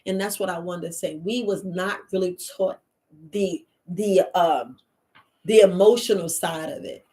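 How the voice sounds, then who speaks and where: A woman herbalist host, talking in a casual, animated monologue and acting out the voices she quotes. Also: on the low side, measured pace. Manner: animated storyteller, acts out quoted voices, laughs often.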